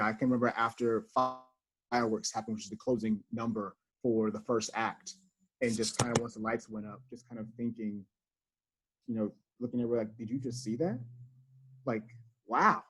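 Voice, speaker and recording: A man with a fairly low, level voice speaks briskly on a video call as a guest. He's an associate house manager at a theater, reflecting earnestly and using many fillers.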